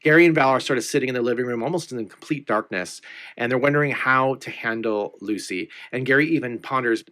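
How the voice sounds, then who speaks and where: A man co-hosting a podcast in relaxed, chatty talk. He retells scenes from an old TV episode with animated quotes of the characters. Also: mid-range voice, quick pace. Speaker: podcast co-host. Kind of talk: casual chat recapping a TV episode.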